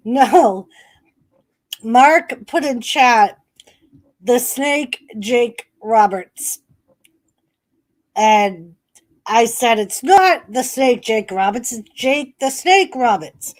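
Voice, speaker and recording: A middle-aged woman with a high, bright-pitched voice hosts a casual live stream. She talks in an unhurried way, reads out viewers' messages, and breaks into frequent giggles. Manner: laughs often while reading chat messages aloud. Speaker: streamer hosting a wrestling watch party.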